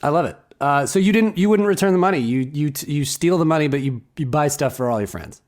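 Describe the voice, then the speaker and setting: A man co-hosting a casual comedy chat show, playful and quick to laugh. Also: a little high, animated, a little mellow. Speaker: co-host.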